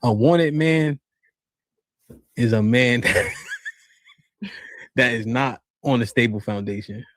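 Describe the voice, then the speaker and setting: A man's voice: medium pitch, takes it slowly, pauses often, no room sound. A man leads a podcast debate in a mid-range voice. He keeps interrupting to press his point, restarting phrases as he goes. The sound is dry and close to the mic. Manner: presses the guest with repeated questions and stumbling restarts. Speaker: podcast host questioning a guest.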